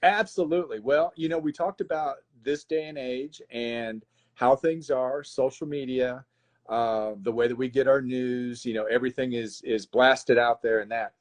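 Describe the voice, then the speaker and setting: A man's voice: medium pitch, normal speed. A man, a guest author on a live stream, casually retells a plot with lots of restarts. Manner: animated storyteller, frequent restarts.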